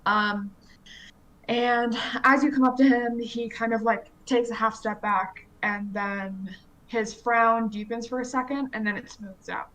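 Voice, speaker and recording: A woman's voice: on the high side, steady tone, measured pace, fairly bright tone, poor audio. Casual woman game master narrating. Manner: casual, many fillers, descriptive.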